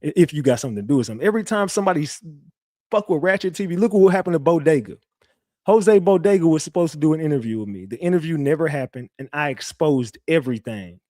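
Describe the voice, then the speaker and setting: A man's voice: on the high side, expressive, fast talker, a little mellow, dry recording, studio quality. Brash, profane man hosting a livestream. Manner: brash, profane, boastful trash talk. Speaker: online show host. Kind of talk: livestream commentary.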